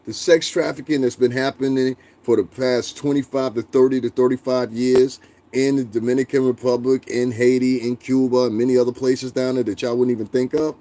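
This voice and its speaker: A man's voice: mid-range voice, fairly quick. A man hosting a livestream, ranting bluntly and profanely and answering his chat. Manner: profane, blunt, animated, talks back to chat. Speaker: livestream host.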